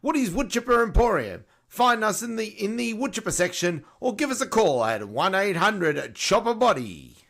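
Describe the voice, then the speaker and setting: A man playing a cheesy TV ad pitchman in a parody advertisement, with a hard-sell delivery. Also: big pitch swings, normal speed, vocal fry, few pauses, a bit bright, exaggerated voice. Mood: salesy. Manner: hard-sell ad read, barely holding back laughs.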